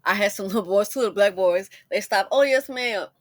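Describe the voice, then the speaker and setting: A middle-aged woman hosting a commentary video, telling personal stories in a chatty, animated way and laughing as she goes. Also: medium pitch, fast talker, no room sound. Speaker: commentator host. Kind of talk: casual storytelling commentary.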